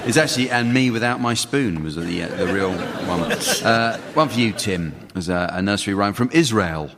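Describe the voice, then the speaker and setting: Deadpan low-voiced male quiz chairman. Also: moderate pace, heavy background noise. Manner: dry, deadpan delivery of scripted jokes. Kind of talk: hosting a comedy panel game. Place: large theatre stage. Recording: live theatre hall with audience laughter.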